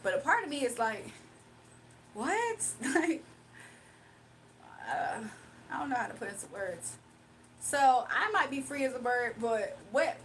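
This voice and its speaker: A woman chatting casually with her viewers on a livestream, animated and laughing often. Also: on the high side, a little hiss or hum.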